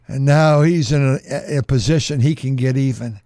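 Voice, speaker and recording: A man's voice: medium pitch, normal speed, hardly any pauses, warm tone, dry recording, clean studio sound. A male preacher giving a fervent sermon, reading scripture aloud and repeating words for emphasis.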